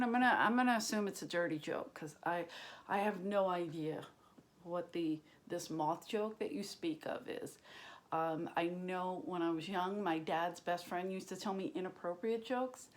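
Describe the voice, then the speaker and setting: A woman comedian chatting casually from her kitchen as she answers viewer questions, rambling and crude, with many fillers and whispered asides. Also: lowish voice. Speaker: stand-up comedian. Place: home kitchen.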